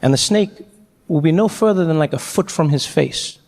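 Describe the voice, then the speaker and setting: A male comedian telling a story on stage with lively, animated delivery and quick jumps into character voices. His voice sits high, and a long hall reverb trails each line. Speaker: stand-up comedian. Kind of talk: stand-up comedy.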